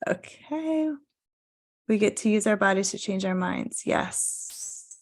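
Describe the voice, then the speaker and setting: A woman in her thirties leading a guided mindfulness talk on a video call, gentle and encouraging, stretching out key words. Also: mid-range voice. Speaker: wellness coach.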